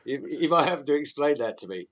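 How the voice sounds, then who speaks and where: A man's voice: on the high side, a little fast, highs cut off. A man hosting a live stream, chatting casually and laughing easily. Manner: laughs easily, relaxed and amused.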